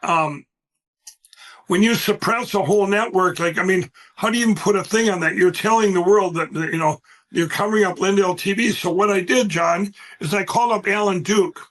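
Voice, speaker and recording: Man with a high-pitched voice, guest on a talk show, rambling and emphatic, telling stories. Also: brisk, a bit bright. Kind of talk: animated interview storytelling.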